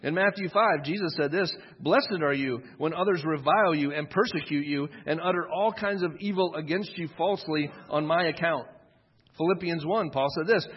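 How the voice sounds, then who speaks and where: Husky-voiced man preaching in a reverberant hall. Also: a little high. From United States. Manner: earnest, conversational preaching with quick asides. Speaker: pastor. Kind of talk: sermon. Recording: dull sound with long hall reverb.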